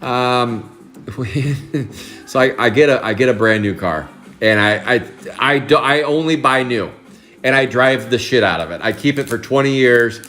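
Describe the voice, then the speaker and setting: This Oregon man in his forties has a medium-pitched, fairly bright voice and talks at a normal speed. Hosting a live card break stream, he tells meandering stories in a casual way, with frequent chuckles.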